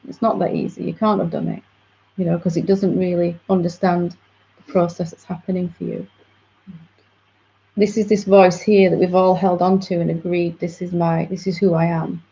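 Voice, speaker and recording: A woman's voice: fairly low pitch, level tone, moderate pace, vocal fry, mellow. A woman spiritual teacher patiently explaining to a student in a reflective satsang dialogue. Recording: dull lo-fi audio.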